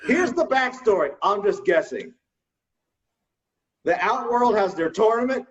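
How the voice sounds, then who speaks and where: A man co-hosting a casual gaming chat, telling stories in an animated way and laughing often. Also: sits high, measured pace, pauses often, recorded from a distance, lo-fi sound. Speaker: co-host.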